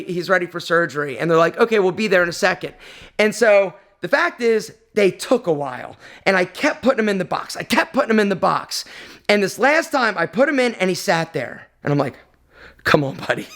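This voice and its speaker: A man's voice: high voice, expressive, brisk, fairly bright tone. A man telling a personal story on his vlog, emotional and rambling, with lots of fillers. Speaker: vlog host.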